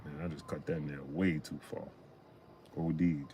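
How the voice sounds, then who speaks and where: A man hosting a casual boxing live stream, greeting viewers by name and chatting in an animated way. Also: very deep voice, normal speed, slight background noise. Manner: shouts out chat names, chatty and animated.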